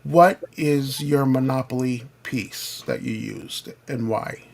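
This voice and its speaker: A man's voice: mid-range voice, slow pace, vocal fry. A man hosting a casual gaming chat, joking and putting questions to his co-hosts. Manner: joking, asks the others questions. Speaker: host.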